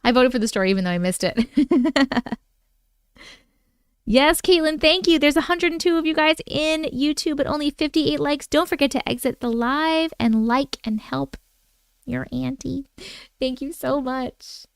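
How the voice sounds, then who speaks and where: A woman's voice: high-pitched, moderate pace, creaky, no room sound, studio quality. Bubbly woman chatting with live viewers. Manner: chatty, bubbly, reacts to comments. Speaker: live-stream host. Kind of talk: casual chat with live viewers. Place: home.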